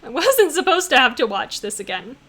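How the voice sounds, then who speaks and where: Loud, swearing woman streamer. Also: sits high, very animated, fairly quick. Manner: loud, swearing, laughing and exclaiming. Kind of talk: casual game-stream reaction.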